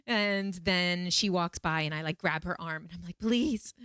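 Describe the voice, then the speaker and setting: Animated woman vlogger, smooth lowish voice. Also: normal speed, no echo, clean studio sound. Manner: animated, emphatic, repeats phrases for effect. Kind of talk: casual storytelling to camera.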